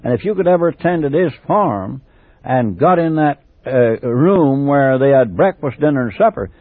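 A man's voice: mid-range voice, lively intonation, moderate pace, no echo. An older man from England recounts his life for a home memoir tape, drifting off on tangents and circling back. The recording is dry and tinny, like a thin old cassette. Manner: rambling, digressive storytelling with restarts.

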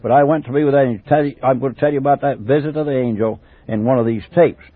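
A man's voice: mid-range voice, fairly even intonation, fast, dry recording, phone-quality sound. An older man from England telling his life story for a personal memoir tape, in a rambling, digressive way full of restarts.

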